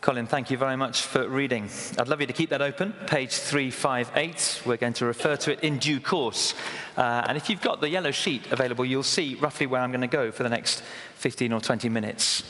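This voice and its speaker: A man leading a church service, introducing the reading and giving notes before the sermon in a relaxed, informal way. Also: mid-range voice, fairly quick, hardly any pauses, long reverb tail. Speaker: preacher. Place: large church.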